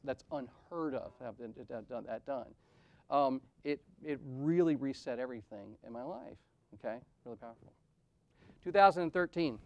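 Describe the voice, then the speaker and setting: A man's voice: mid-range voice, dry recording, muffled recording. A man in his forties giving a candid conference talk, telling personal stories in a self-deprecating, conversational way with frequent "right?" asides. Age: 40s. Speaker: conference speaker. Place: event venue.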